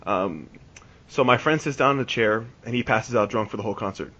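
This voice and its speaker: Speaking fairly quickly in a fairly low voice, a male podcast host in his twenties tells a long, casual story, rambling, restarting and saying "like" constantly. Background noise sits under the dull, lo-fi recording.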